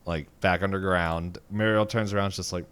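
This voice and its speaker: Low, smooth-voiced man recapping casually. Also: fairly even intonation, brisk, fairly bright tone. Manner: rambling with many fillers and frequent chuckles. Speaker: podcast co-host.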